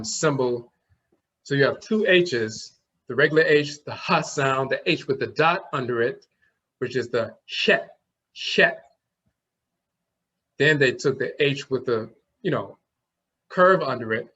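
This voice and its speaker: A man teaches a class at a steady, mid-pitched level, walking through one symbol after another. He often stops to voice the sounds himself. The recording is dull and lo-fi. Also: moderate pace. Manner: explanatory, demonstrates sounds aloud. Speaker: language teacher. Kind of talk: classroom lecture.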